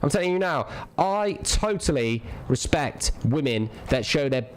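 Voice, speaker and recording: A man's voice: a little high, animated, unhurried, a little hiss or hum. A young man streaming a game, ranting casually, profane and rambling with lots of restarts. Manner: rambling, profane, repeats himself.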